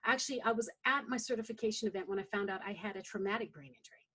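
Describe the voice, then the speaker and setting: Speaking very fast in a husky, medium-pitched voice, this woman coach is a guest in a casual chat. She tells stories with plenty of animation and acts out the lines of others.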